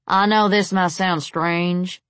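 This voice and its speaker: A woman reading a smug southern army veteran with a slow, lazy drawl. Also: on the low side, steady tone, fairly bright tone, no room sound.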